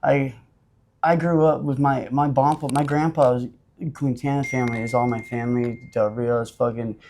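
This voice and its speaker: A man from Utah, a podcast guest telling his life story in a blunt, profane, animated way, full of fillers. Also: medium pitch, moderate pace, slight background noise. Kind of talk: casual storytelling.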